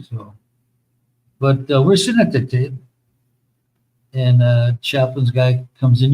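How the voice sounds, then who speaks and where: A man's voice: medium pitch, lively intonation, measured pace, pauses often, a little mellow, rough recording. A middle-aged man from the United States, hosting a casual chat and telling long, profane army stories with many fillers. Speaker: host.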